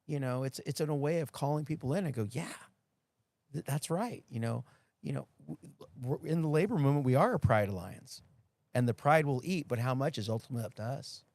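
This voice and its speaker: A man's voice: mid-range voice, quick pace, no room sound. A union leader, a man, telling stories and metaphors with energy on a podcast. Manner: animated storyteller, fond of metaphors. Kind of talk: storytelling in podcast conversation.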